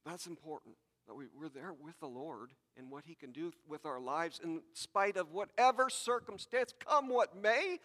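A man's voice: a little high, normal speed, few pauses, sharp tone, in a large hall. A man preaching a sermon to his congregation, talking conversationally with repeated words and asides. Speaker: pastor.

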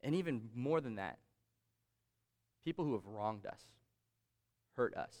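A man's voice: mid-range voice, lively intonation, unhurried, darkish tone. Man preaching a conversational sermon. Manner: conversational preaching, reads scripture aloud, dynamic emphasis. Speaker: pastor.

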